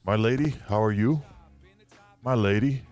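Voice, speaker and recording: A man's voice: lowish voice, moderate pace, darkish tone, faint music behind. A man voicing a courteous male game follower who greets people with formal, gallant politeness, heard through an edited recording. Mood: courtly greeting.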